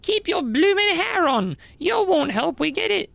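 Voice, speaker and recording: A squeaky, cheeky fairy. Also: very animated, measured pace, vocal fry, dry recording, heavily acted. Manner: chirpy, slang-heavy, high and bright. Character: cheeky small fairy with slangy accent.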